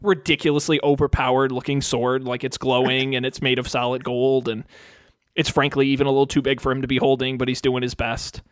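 A man's voice: mid-range voice, level tone, dry recording, studio quality. A man running a tabletop game, narrating in an exasperated, joking way. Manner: exasperated, swearing, quick narration. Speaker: game master.

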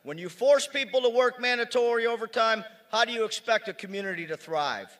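A man from Erie, Pennsylvania, a union speaker giving a rousing rally speech outdoors, shouting his slogans. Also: very high voice, expressive, brisk.

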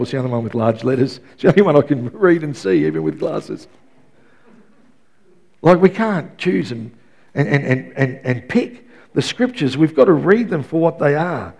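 A man preaching a sermon as pastor, chatty and repetitive, rising into loud, emphatic passages. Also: a little high, expressive, moderate pace, vocal fry, slightly rough. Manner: conversational, repeats words and restarts, rises to loud emphatic passages.

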